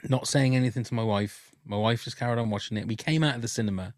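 A man's voice: medium pitch, fast, hardly any pauses, no room sound, clean studio sound. A man talking as a podcast guest, telling candid stories in casual chat with lots of restarts. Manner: chatty, candid storytelling with frequent restarts.

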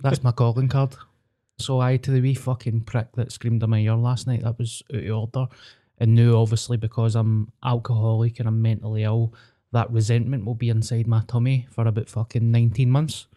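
A young Glaswegian man with a mellow, dark-toned voice, chatting as a podcast co-host. He tells his stories loosely and swears freely, at a mid pitch. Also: level tone, brisk. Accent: Scottish, Glaswegian. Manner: sweary, storytelling, acts out voices. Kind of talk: casual chat.

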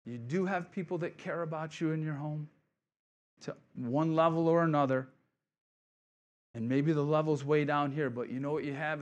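Middle-aged pastor, man, casual joking sermon delivery, slightly high pitch. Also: moderate pace. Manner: casual, joking preacher with asides and voiced quotes. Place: church sanctuary.

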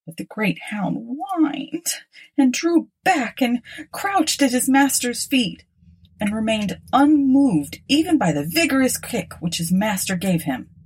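A woman narrating an old tale as an audiobook, in a measured, expressive way. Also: on the high side, slightly rough.

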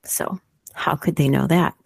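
A woman co-hosting a podcast, telling a story in a casual, sweary, animated way. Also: low voice, unhurried, creaky, dry recording, whispered. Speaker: podcast co-host.

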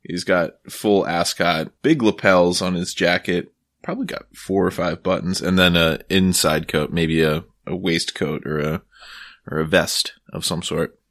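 A man with a low yet bright, forward voice co-hosts a comedy podcast. He drops crude jokes deadpan, recorded close and dry with no room sound. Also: measured pace, no echo. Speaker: podcast co-host. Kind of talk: casual comedic banter.

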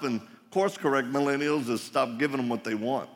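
Before a live crowd in a large, echoing hall, a man preaches a conference sermon at medium pitch and a moderate pace. He spins homespun stories, laughing and dropping asides along the way.

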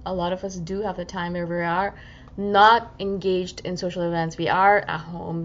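A woman talking through a casual reflective podcast monologue, chatty and acting out inner voices. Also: fairly low pitch. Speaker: self-help podcaster. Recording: slightly dull lo-fi audio.

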